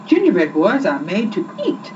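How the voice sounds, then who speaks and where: A woman's voice: lowish voice, huge pitch swings, moderate pace. Field mowers from a storybook, read by a woman, calling out. The recording is muffled, distant and hissy. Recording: muffled distant recording with loud background hiss.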